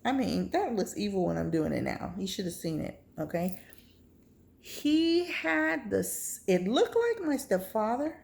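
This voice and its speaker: A woman's voice: lowish voice, vocal fry, darkish tone. A woman vlogger telling a personal testimony story, acting out her reactions with gasps.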